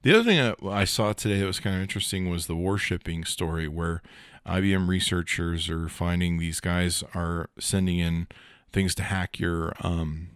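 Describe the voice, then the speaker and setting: A man's voice: sits low, no echo, studio quality. A male podcast host giving a casual, rambling rundown of tech news, joking and swearing as he goes. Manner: rambling, profane, joking asides.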